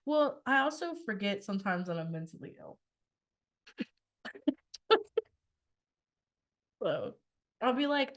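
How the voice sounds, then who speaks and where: A woman's voice: fairly low pitch, sing-song, unhurried, pauses often. A woman in her twenties co-hosting a podcast, chatting casually, retelling conversations with lots of quoted back-and-forth and laughter. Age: 20s. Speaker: podcast co-host. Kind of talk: casual chat.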